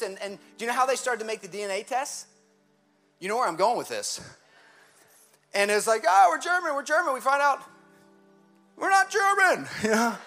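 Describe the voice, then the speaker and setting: Animated conversational preaching man. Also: very high voice. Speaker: pastor. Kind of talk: sermon. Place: church.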